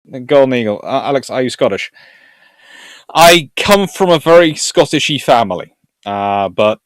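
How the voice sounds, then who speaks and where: A man's voice: medium pitch, animated, normal speed, dry recording, clean studio sound. A man from Surrey with a southern English accent, hosting a history live stream and chatting casually through viewer comments. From Surrey, England. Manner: rambling, chatty, chuckling.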